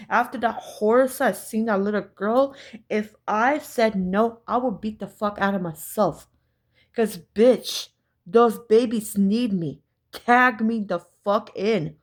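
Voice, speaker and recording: A woman's voice: mid-range voice, slow. A woman telling a story in a casual vlog, profane, emphatic and repetitive.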